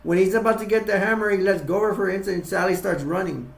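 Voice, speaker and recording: Man, rambling casual retelling, gravelly edge, slightly high voice, echoey room. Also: quick pace, slight background noise. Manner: rambling, restarts, acts quotes in raised voice. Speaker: fan retelling a horror film. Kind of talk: casual acted-out retelling with toys.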